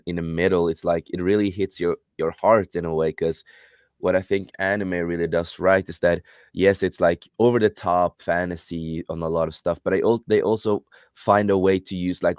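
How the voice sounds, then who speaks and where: A young man talks casually on a livestream, rambling and restarting his sentences, filling gaps with "um" and "uh" and dropping the odd swear word. His voice sits very low and comes across smooth and clean. The sound is dry and close, with no room in it. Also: no room sound. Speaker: livestream co-host. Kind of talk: casual chat.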